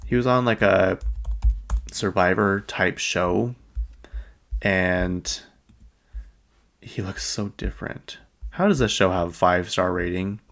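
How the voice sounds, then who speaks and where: Low gravelly man rambling about pop culture. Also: slow, pauses often, a bit bright. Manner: rambling, chatty, trails off with ums. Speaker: podcast host. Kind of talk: casual pop-culture chat.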